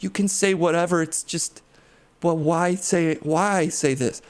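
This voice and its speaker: Deadpan male parody news host. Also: on the high side, a little slow, clean tone. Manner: dry, flustered straight man. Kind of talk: deadpan comedy news segment.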